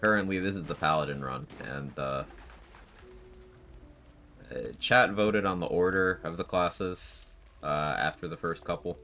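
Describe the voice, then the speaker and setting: This is a man with a low, unhurried voice, sharp in tone, with a faint hiss or hum behind it. He's live-streaming a game and chatting casually over the gameplay in a sleepy, laid-back way, laughing often and swearing now and then.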